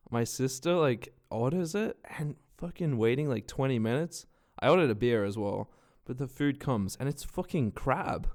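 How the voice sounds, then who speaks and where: A young man with an Australian accent telling rambling, swear-filled stories in a casual vlog, his nose stuffed from a cold. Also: medium pitch. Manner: swears a lot, rambling and animated. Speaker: vlogger.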